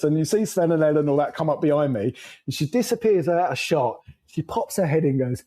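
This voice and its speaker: A man's voice: a little high, expressive, a little fast, dark tone, poor audio. A man, a podcast guest telling road stories in a loose, rambling way, laughing and swearing as he goes. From England. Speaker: podcast guest, motorcycle traveler. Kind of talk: casual storytelling.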